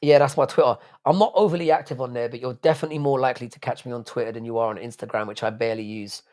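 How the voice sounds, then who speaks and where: A man hosts a casual live stream, reading comments from chat and firing back with laddish, foul-mouthed banter. His throat is strained and wearing out, and his voice sits at an ordinary middle pitch. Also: fairly even intonation, racing, a little mellow. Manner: laddish banter, swearing freely. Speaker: livestream host reading chat.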